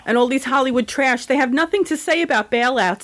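A woman's voice: sits high, a little fast, fairly bright tone. Blunt, profane woman ranting in chat. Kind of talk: casual chat.

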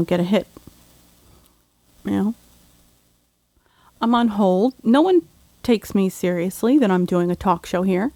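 A woman hosting a casual comedic talk show, sarcastic and joking in quick asides. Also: mid-range voice, darkish tone, no room sound.

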